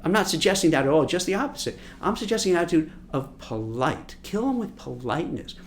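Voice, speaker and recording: A man, a seasoned recruiter, talks through career advice in a casual way. His voice sits a little high and swings widely in pitch. He keeps slipping into little acted-out exchanges. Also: quick pace, a little hiss or hum. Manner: animated, acts out imagined dialogue.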